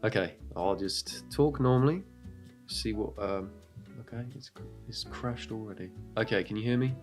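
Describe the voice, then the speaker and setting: A man's voice: lowish voice, normal speed, soft background music. A man hosting a reaction video, cracking sarcastic, crude jokes in casual commentary into a desk microphone. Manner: sarcastic, crude joking asides.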